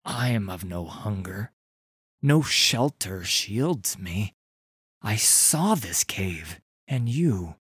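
A man voicing a gaunt undead man who speaks in a solemn, measured way. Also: on the low side, sing-song, fairly bright tone, slightly rough, dry recording, clean studio sound, exaggerated voice.

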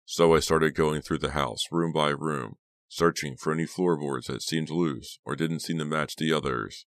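A man's voice: extremely low pitch, fairly even intonation, moderate pace, fairly bright tone, no room sound, studio quality. A man voicing a groggy, injured teenage boy who groans through his story.

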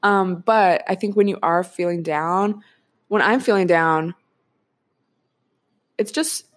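A woman's voice: on the low side, slow. A young woman in her twenties hosting a casual solo podcast, chatty and frank, swearing freely and laughing often. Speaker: podcast host.

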